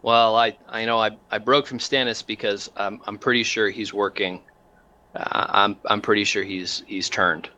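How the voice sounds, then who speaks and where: A man playing a captured lieutenant who stammers and hedges at a gaming table. His voice sits slightly low and sounds bright. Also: steady tone, moderate pace. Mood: sheepish. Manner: stammering, apologetic. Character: hesitant captive male guard lieutenant.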